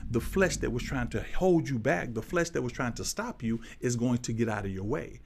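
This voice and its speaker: A man's voice: mid-range voice, moderate pace, gravelly, few pauses, slight background noise. A man preaching a sermon, speaking straight to his congregation and moving a handheld microphone as he goes. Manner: lively preaching, direct address to congregation. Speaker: pastor.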